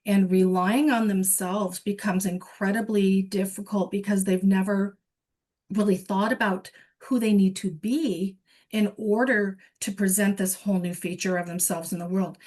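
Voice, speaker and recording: Woman coach guesting on a summit talk, earnest, keeps restarting her sentences, middle pitch. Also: darkish tone. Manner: earnest, lots of restarts and self-corrections. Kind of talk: summit interview.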